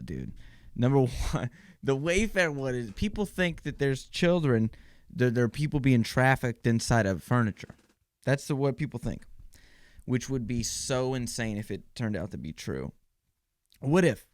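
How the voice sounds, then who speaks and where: Young guy riffing on his own podcast, sarcastic, keeps cutting himself off, smooth voice, dead dry room. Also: lowish voice, dry recording. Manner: rambling, sarcastic, trailing off mid-sentence. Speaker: podcast host. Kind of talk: casual solo comedy monologue.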